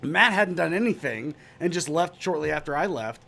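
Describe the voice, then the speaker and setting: A man's voice: fairly high pitch, animated, moderate pace, creaky, pushed and bright. A young man co-hosting a podcast, telling a wild anecdote in casual, profane chat and putting on voices for the people in it. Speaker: podcast co-host.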